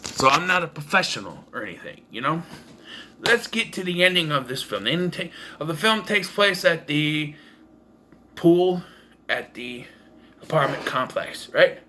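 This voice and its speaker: A man's voice: fairly high pitch, expressive, moderate pace, sharp tone, slight background noise. Blunt, rambling man reviewing a film. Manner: rambling, blunt and profane, with many restarts. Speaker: movie reviewer. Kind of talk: casual movie review vlog. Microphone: camera propped on taped-together cases.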